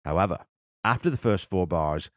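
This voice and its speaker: A man with a fairly low voice talks through a song's drum parts with nerdy enthusiasm. He counts beats aloud and explains technique in a casual way. The sound is dry and close, with no room echo. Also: expressive, moderate pace. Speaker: drummer and host. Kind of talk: casual music breakdown commentary.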